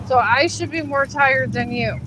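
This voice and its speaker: A woman's voice: sits high, normal speed, heavy background noise. A woman livestreaming her dog walk, tired and grumbling as she coaxes her dog up the hills. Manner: weary, grumbling, coaxing her dog along. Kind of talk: casual live vlog. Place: outdoors on a hilly street walk.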